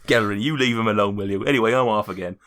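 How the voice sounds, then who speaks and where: A man voicing a brisk, chatty townswoman, breezy and a little bossy. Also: lowish voice, a bit bright, clean tone, close to an everyday voice.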